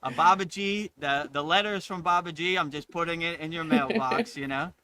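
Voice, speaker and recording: A man's voice: a little high, moderate pace, crowd noise. A middle-aged man hosting a casual spiritual chat, enthusiastic, laughing often and saying "you know" a lot. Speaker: spiritual teacher and host.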